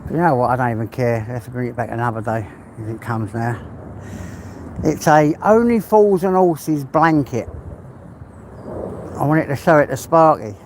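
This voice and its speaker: A man's voice: mid-range voice, normal speed, long pauses, darkish tone. A middle-aged English man chatting casually as he walks his dog, rambling and talking to the dog now and then. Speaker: vlogger walking his dog. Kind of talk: casual vlog chat. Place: outdoors in the countryside by a river. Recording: clear outdoor background noise.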